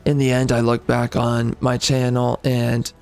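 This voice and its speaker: A man's voice: mid-range voice, monotone, unhurried, a little mellow, soft background music. A man who hosts a gaming channel, delivering a bitter, profane rant at his viewers. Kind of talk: angry rant to the audience.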